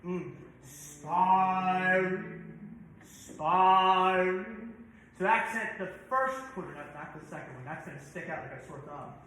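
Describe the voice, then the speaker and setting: A man's voice: a little high, lively intonation, fast, few pauses, sharp tone. A man directing a choir rehearsal, breaking into song to demonstrate and stopping often to correct the singers. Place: church sanctuary. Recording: very echoey church room.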